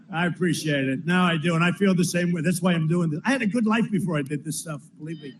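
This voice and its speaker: Male politician at a rally, higher voice than most men, talks in loose repetitive riffs and turns to the crowd often. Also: fast, few pauses, slight background noise, poor audio. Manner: rambling, repetitive, with asides to the crowd. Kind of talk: campaign rally speech. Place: large rally venue.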